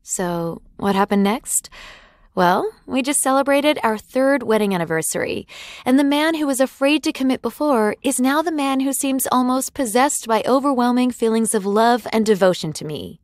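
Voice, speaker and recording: A woman's voice: on the high side, animated, moderate pace, no room sound, studio quality. A woman telling a dramatic, confiding personal story as scripted narration for a sales ad.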